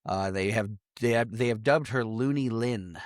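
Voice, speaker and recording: A man's voice: on the low side, moderate pace, no echo, studio quality. A man co-hosting a podcast, casually recapping a movie, swearing freely and laughing often. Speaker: podcast co-host.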